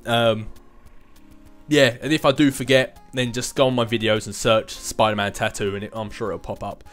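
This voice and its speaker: A man's voice: mid-range voice, flat delivery, normal speed, fairly bright tone, faint music behind. A young man in his twenties hosting a casual vlog and answering viewer questions in a rambling, chatty way, with self-mocking asides. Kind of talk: casual chat.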